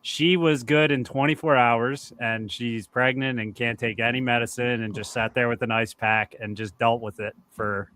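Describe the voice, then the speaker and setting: A man's voice: medium pitch, fairly even intonation, moderate pace, few pauses, a bit bright, a little hiss or hum. A man from Philadelphia, co-host on a podcast, chatting candidly and rambling a bit. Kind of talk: casual chat.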